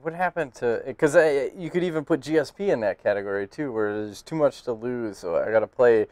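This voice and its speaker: A man's voice: mid-range voice, a little fast, a little mellow, dry recording. A man co-hosting a casual podcast, talking bluntly with lots of swearing and laughing banter. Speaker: podcast host.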